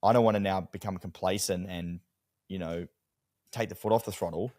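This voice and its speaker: Man, very low voice, dry booth sound, animated, casual swearing storyteller. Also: fairly quick, dry recording. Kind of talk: casual chat.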